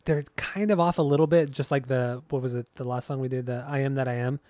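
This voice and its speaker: A man in casual podcast talk, rambling through his thoughts with plenty of restarts and offhand swearing. His voice sits in an ordinary middle pitch. The sound is dry and close, with no room echo. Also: steady tone, fast talker, a little mellow. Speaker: podcast co-host. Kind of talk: casual chat.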